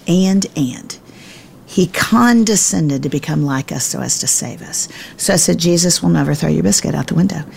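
A middle-aged woman speaks with a low, gravelly voice. She is a Bible teacher, and she tells a family story with lively emphasis. She often pokes fun at herself, and a faint noise sits under her voice. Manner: self-deprecating, emphatic, quick to laugh at herself. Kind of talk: animated storytelling in conversation.

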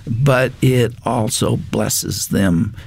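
Older man with a gravelly voice. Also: medium pitch, a little mellow. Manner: earnest, unhurried storytelling with fillers. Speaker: guest. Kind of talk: personal testimony in conversation.

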